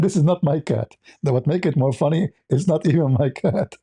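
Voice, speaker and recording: Gravelly, husky man telling a story. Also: brisk, hardly any pauses, mellow, dry recording. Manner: rambling, many restarts and fillers, squeaky voices when quoting. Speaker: host. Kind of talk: casual storytelling to an audience.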